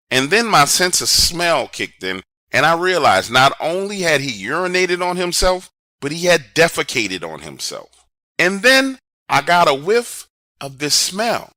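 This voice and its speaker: Man, first-person scary storytelling, conversational with dramatic pauses, lively swinging pitch, very bright tone. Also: no room sound, studio quality. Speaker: horror storyteller.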